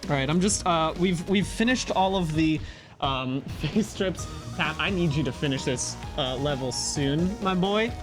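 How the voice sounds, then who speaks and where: A co-host on a casual gaming show chats playfully and laughs often while they play. His voice is a little high and unhurried, with music playing underneath.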